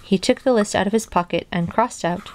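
A woman's voice: medium pitch, fairly quick, noisy background. A young woman reading a children's storybook aloud at her mother's house, with casual, chatty asides between passages. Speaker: reader of children's books.

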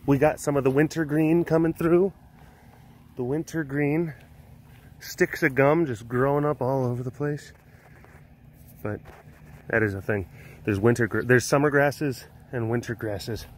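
A man's voice: mid-range voice, a little slow, long pauses. A man hosting a casual walking vlog outdoors at an animal compound, playfully cooing at the cats as he goes. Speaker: vlog host at a big cat facility.

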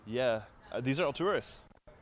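A man's voice: mid-range voice, animated, a little fast. Young man, student host, filler-heavy, chatty, outdoors, handheld mic. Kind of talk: casual live-stream chat. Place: outdoors on a campus.

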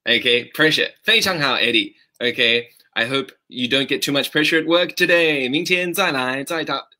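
On a live-streamed English lesson, a man with a slightly high, pushed and bright voice greets viewers by name with cheer. He praises them and fixes their sentences, staying upbeat throughout, and moves back and forth between English and Mandarin.

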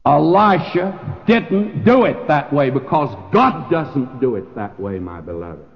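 Older preacher, lively folksy sermon. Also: male voice, a little high, unhurried. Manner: folksy, emphatic storytelling with dramatized quotes. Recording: dull lo-fi recording with hall reverb.

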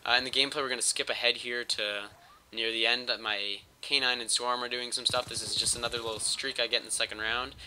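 A man's voice: medium pitch, little pitch movement, fast talker, sharp tone, slight background noise. A man with a cold, rambling and joking crudely as he talks over his gameplay footage on a home mic. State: sick with a cold. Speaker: gaming channel host.

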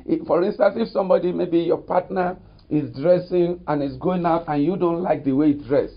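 A man's voice: fairly high pitch, moderate pace. A man preaching a recorded sermon as pastor, leaning often on "you see" and "you know". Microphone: studio mic. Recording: dull lo-fi recording.

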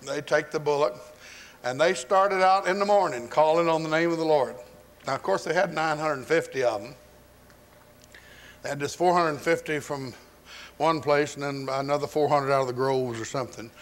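A man's voice: a little high, moderate pace. A man preaching a sermon, telling a story in a folksy, humorous style.

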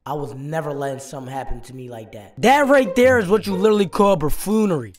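A man's voice: fairly high pitch, fast talker, crowd noise. A young man doing hyped, profane gameplay commentary, roasting opponents as he plays. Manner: hyped trash-talking, profane, playful roasting. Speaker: gaming YouTuber. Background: background music.

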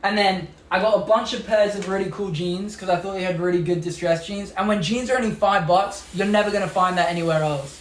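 A man's voice: high-pitched, a little fast, hardly any pauses. A young man from England with a British accent hosts a casual live stream, chatting upbeat, showing off clothes and gadgets and answering viewer comments. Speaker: livestream host. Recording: echoey room with faint background noise.

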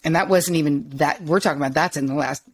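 A woman's voice: low-pitched, slightly rough. A woman hosting an interview, a therapist who reflects on her guest's points and tells her own stories. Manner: agreeing, reflective, quick asides. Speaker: podcast host and therapist. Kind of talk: conversational interview.

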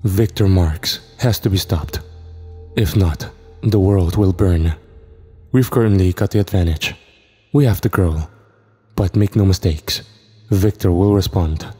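The Horseman of Death speaks slowly and with grave authority, as a man reads him. The voice is very low and dark. A reverberant hall and faint music surround it. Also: slightly rough. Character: commanding Horseman of Death, ancient spirit.

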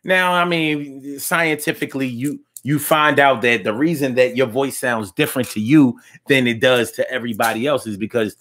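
A man's voice: medium pitch, moderate pace, few pauses, fairly bright tone. A man hosting a casual live-stream talk show, chatting loosely with slang and lots of restarts, reading viewer comments aloud.

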